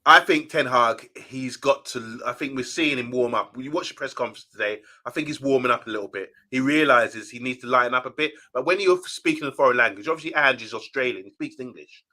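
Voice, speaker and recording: Male co-host, bright ringing tone, chatty, reads out viewer comments on a live stream. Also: mid-range voice, fast talker, hardly any pauses. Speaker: co-host of a fan channel live show. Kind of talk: casual live-stream chat.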